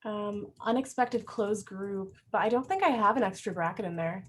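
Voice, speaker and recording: A woman taking part in a workshop, asking a halting, hesitant question over a video call. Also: mid-range voice, lively intonation. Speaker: workshop participant.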